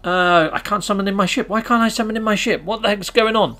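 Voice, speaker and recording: A British man hosting a gaming channel, giving excitable, chatty gameplay commentary and cheering himself on. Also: high-pitched, fast.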